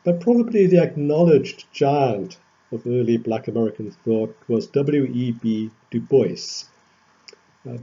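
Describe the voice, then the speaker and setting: A man gives an academic lecture in a very dark, mellow voice with a husky edge. He speaks in a measured, thoughtful way and lifts certain phrases for emphasis. The recording sounds dull and lo-fi. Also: mid-range voice.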